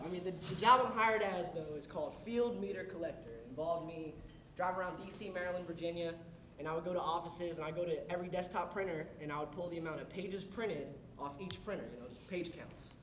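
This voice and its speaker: A man's voice: high voice, recorded from a distance, noisy background. A young man doing a stand-up comedy set in a club, telling a rambling story with restarts and asides. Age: young adult. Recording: echoey club with laughing crowd. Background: audience laughter.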